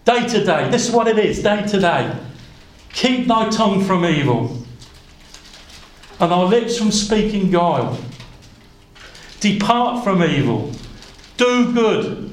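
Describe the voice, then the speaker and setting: A man's voice: sits high, big pitch swings, slow pace, pauses often, echoey room, poor audio. A man preaching a sermon, earnest, quoting scripture in old-fashioned wording and addressing the congregation as brothers and sisters.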